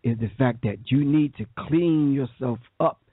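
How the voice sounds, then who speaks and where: Preachy New radio co-host, husky, on a dry phone line. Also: male voice, medium pitch, a little slow, dry recording. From New York. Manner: preachy, emphatic, repeats key phrases. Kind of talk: call-in radio talk.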